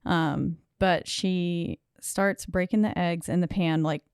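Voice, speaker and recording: A woman's voice: on the low side, steady tone, slow, darkish tone, smooth, dry recording, studio quality. A young woman recapping a horror film in casual, chatty conversation. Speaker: movie review podcast co-host.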